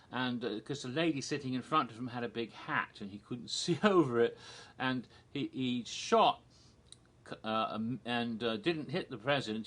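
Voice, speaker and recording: Telling theme park history on his own, a man with a medium-pitched, slightly bright voice rambles and digresses casually. He uses many ums and restarts and chuckles at his own jokes.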